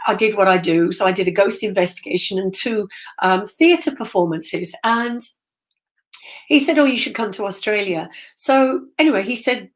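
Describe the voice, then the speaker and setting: A middle-aged woman talks to a live online audience in a casual storytelling way. She is a spiritual medium who rambles and gets excited, with plenty of ums and self-corrections. Her pitch sits in the middle range.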